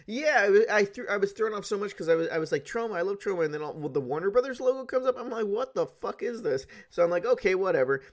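Animated man telling a story. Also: high voice, racing, few pauses. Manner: animated storytelling, swearing, laughing. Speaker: podcast co-host. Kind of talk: casual podcast chat.

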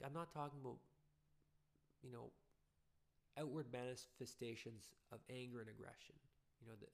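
Gravelly-voiced father giving earnest advice. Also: mid-range voice. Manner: earnest, rambling, uses everyday comparisons. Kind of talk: casual spoken talk.

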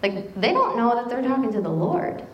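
A woman preaching a sermon in a conversational, animated way, telling stories and quoting scripture. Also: fairly high pitch, moderate pace, reverberant, lo-fi sound.

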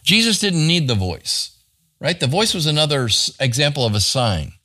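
A man's voice: fairly high pitch, very animated, moderate pace, sharp tone. A man, a pastor, teaching a Bible study to a small group in a church room in a conversational way, often checking in with "right?".

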